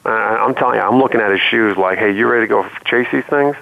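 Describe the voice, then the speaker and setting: A man's voice: on the low side, fast talker, creaky. A man guest telling a personal story earnestly in a casual conversation, heard over a call line. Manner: earnest storytelling with many restarts. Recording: tinny phone-like line.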